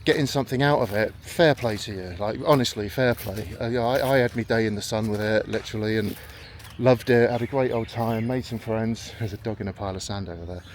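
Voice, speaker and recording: A man's voice: lowish voice, brisk. Rambling man on a park walk. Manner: chatty storytelling, acts out quoted voices. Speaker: vlogger. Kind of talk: rambling walk-and-talk vlog. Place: outdoors in a park. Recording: faint outdoor background noise.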